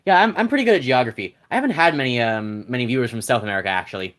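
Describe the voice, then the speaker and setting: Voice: medium pitch, expressive, racing, fairly bright tone. A game streamer chatting casually on a live stream, rambling with many restarts and reading chat messages aloud at a desk mic.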